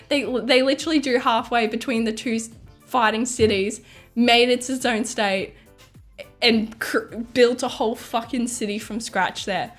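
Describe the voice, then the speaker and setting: An Australian woman streamer chatting casually, rambling and excitable, swearing and laughing often. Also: fairly high pitch.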